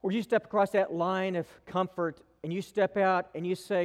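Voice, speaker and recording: A man preaching a sermon in a church, telling a story with slow dramatic pauses. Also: high-pitched, fairly even intonation. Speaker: pastor. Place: church sanctuary. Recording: long reverb of a large church hall.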